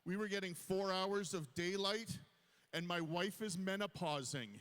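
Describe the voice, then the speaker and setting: Fifties stand-up comic, self-deprecating, slightly high voice, live on a reverberant stage. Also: male voice, a little slow, fairly bright tone. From Canada. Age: 50s. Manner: self-deprecating storytelling to a crowd. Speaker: stand-up comedian. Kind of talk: stand-up comedy set. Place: large hall on stage.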